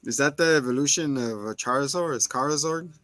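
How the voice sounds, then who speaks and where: A man co-hosting a casual podcast, retelling a movie with lively storytelling and quick voices for the characters. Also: medium pitch, no room sound. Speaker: podcast co-host. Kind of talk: casual movie review chat.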